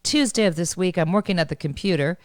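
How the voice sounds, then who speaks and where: A woman co-hosting a podcast, chatting casually and telling animated stories full of laughter. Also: lowish voice, quick pace, no room sound, studio quality. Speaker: podcast co-host. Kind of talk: casual chat.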